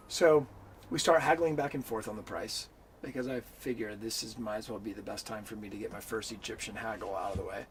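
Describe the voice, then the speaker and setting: Male interview guest, casual storyteller, animated and profane, light faint background noise. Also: medium pitch, a little fast. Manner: animated, swears freely, acts out the voices in his story.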